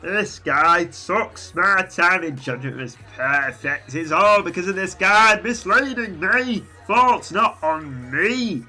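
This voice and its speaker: A streamer doing a loud, grumpy viewer. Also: medium pitch, expressive, faint music behind, heavily acted. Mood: indignant. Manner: loud, slow and indignant.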